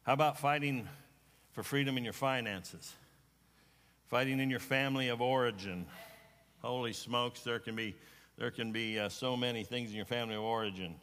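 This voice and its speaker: A man's voice: medium pitch, moderate pace, a bit bright. A middle-aged man preaching a sermon, telling a family story in a folksy way and often repeating words. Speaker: pastor. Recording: long hall reverb.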